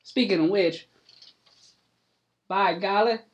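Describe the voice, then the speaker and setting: A man voicing a crude, gossipy old farmer with a put-on Southern hillbilly drawl, loud and folksy, for a tabletop game. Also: high-pitched, slow, voice pushed up. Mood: delighted.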